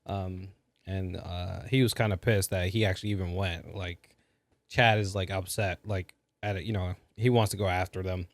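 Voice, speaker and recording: A man's voice: deep voice, fairly even intonation, normal speed, no echo. A man co-hosting a podcast, casually retelling a movie's plot with lots of fillers and chuckles. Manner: rambling with many fillers and laughs. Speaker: podcast co-host. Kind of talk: casual movie review chat.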